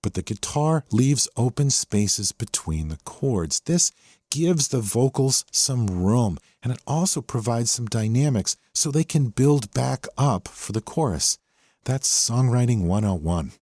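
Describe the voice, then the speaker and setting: A podcast host with a medium-pitched, expressive, darkish voice enthusiastically breaks down a song section by section, speaking a little slowly. The recording is clean studio sound with no room echo, and the song plays underneath.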